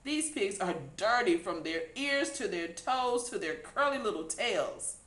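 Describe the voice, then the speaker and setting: A woman voicing an eager young farm girl in a read-aloud storybook, calling out with lively urgency. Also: medium pitch, measured pace, echoey room, voice pushed up. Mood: urgent. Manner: shouting, eager.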